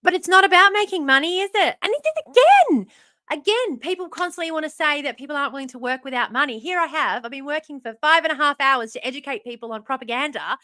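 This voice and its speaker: A woman's voice: high voice, pushed and bright, no echo, studio quality. A woman, live streaming in casual chat, losing her voice, chatty and self-mocking, swearing freely. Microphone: phone.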